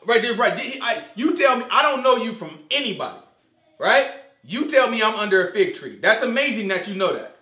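A man teaching a casual Bible study in an animated way, quizzing his listeners and acting out dialogue. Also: sits high, brisk. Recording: echoey room.

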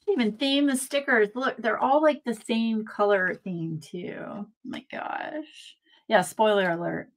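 A woman hosting a casual live-stream craft unboxing from home, gushing and excitable as she chats to viewers. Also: fairly high pitch, moderate pace, hardly any pauses. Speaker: craft channel host.

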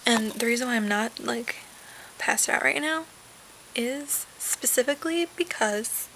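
A woman's voice: fairly high pitch, unhurried, fairly bright tone, slight background noise, low-quality recording. A young woman vlogging casually from her bed, rambling with lots of fillers and trailing asides. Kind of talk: casual webcam vlog. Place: sitting in bed at home. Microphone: webcam.

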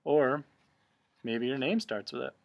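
Slow, patient male handwriting teacher. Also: medium pitch, animated, gravelly, dull audio. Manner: patient, step-by-step explaining. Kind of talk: remote handwriting lesson.

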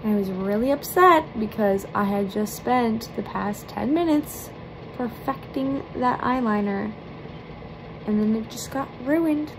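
Woman, makeup vlogger, bubbly and playful, fairly high voice, faint hum behind. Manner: bubbly and playful, chatty asides. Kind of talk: chatty makeup tutorial.

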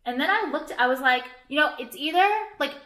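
Brief: young woman vlogger, bright and sharp voice, rambling profane rants, echoey room. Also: high-pitched, lively intonation, fairly quick. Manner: rambling, profane, irritated, lots of "like". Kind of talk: casual ranting vlog.

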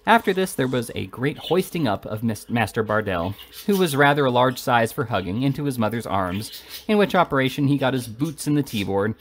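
Male reader for a classic novel, animated delivery, lively pitch, faint hiss behind. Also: fairly quick. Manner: expressive, animated reading. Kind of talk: reading a classic novel aloud.

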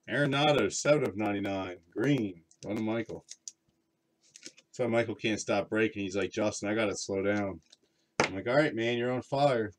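A man with a rather low voice hosts a card break stream, with a little hiss or hum in the audio. He talks to chat in a chatty, meandering way, reading card names aloud in between.

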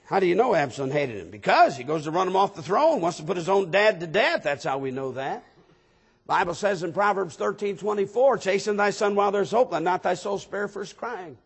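Pastor, male, high voice with gravel and a husky edge; preaches, reads scripture, pushes to near-shouts. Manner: reads scripture aloud in King James wording. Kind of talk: sermon.

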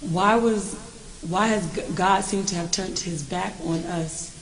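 A woman in a class audience asks her question softly, with some hesitation. Her voice comes through an echoey room with a faint hiss behind it. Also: on the low side, measured pace. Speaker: audience member asking a question.

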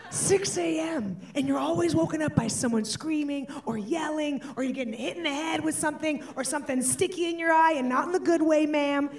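High-voiced woman doing stand-up. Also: normal speed, recorded from a distance. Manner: bursts into shouting and laughing. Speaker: stand-up comedian. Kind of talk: stand-up comedy set. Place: stage before an audience.

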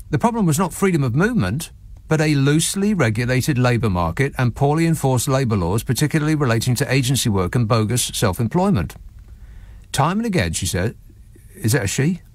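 A man hosting talk radio, sardonic and mocking as he picks apart stories. His pitch leaps around as he talks. He is recorded close and dry in a studio. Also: no room sound. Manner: sarcastic, mocking, lively asides. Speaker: radio phone-in host.

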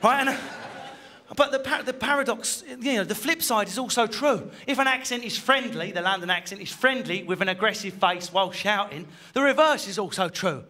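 High, bright-voiced man doing stand-up. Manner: quick, animated delivery that slips into shouted accent impressions. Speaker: stand-up comedian. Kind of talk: stand-up comedy routine. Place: theatre stage before a live audience.

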